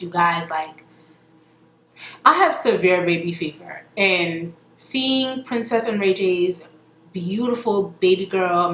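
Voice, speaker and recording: A woman's voice: medium pitch, reverberant, a little hiss or hum. A woman casually recapping a reality TV episode, chatting and quoting the cast as she goes. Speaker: reality TV reviewer.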